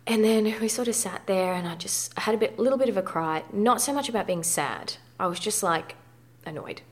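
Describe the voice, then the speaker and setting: A woman's voice: mid-range voice, fairly quick. A woman in her thirties speaking frankly and conversationally in an interview. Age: 30s. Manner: frank, conversational, uses mild swearing. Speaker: guest. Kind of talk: candid personal interview.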